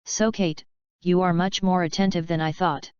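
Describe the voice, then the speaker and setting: A woman reading the lines of a clever woman inventor who explains things calmly. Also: lowish voice, normal speed, clean tone, dry recording, dull audio, natural voice. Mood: knowing.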